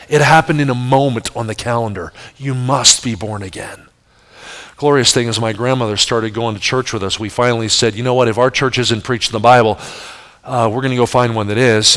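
Man in his fifties, New Jersey accent, earnest preacher, loud questions then hushed murmurs, mid-pitched voice. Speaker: pastor. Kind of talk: sermon.

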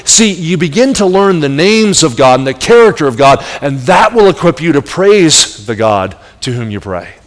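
A middle-aged man preaching a sermon as pastor, animated, with emphatic rising peaks and soft asides. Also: on the high side, moderate pace, few pauses. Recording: long hall reverb.

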